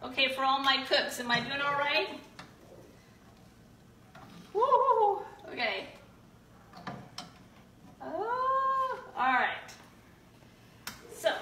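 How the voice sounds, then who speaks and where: A woman fries tortilla chips in her home kitchen while hosting a live giveaway stream, bubbly and whooping often as she chats with viewers. Her voice sits high with a steady tone, pushed and bright, a little slow with frequent pauses. She's far from the mic, a bit off-axis, with roomy echo and faint room noise.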